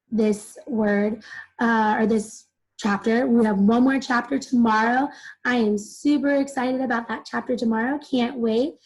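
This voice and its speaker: High, breathy-voiced woman teacher. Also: low-quality recording. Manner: explains simply, uses many "like" fillers. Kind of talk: recorded reading lesson for children.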